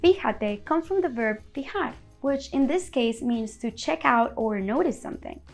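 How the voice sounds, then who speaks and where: A woman with a high voice who narrates a scripted language lesson. She explains words clearly and keeps an upbeat manner. Soft music plays faintly behind her. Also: expressive, normal speed. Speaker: language teacher.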